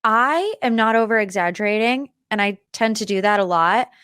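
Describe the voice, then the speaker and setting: A woman's voice: mid-range voice, expressive, moderate pace, fairly bright tone, clean tone, no echo, clean studio sound. A young woman hosting a pop culture podcast in a chatty, rambling style with lots of tangents. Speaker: podcast host. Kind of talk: casual pop culture chat.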